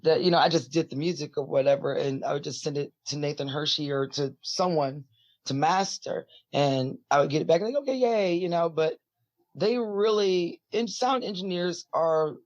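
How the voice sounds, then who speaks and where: A woman in her forties with a deep, husky voice, talking casually as an interview guest and rambling with lots of fillers. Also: moderate pace, darkish tone, dry recording. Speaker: musician guest. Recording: dull lo-fi audio, dry.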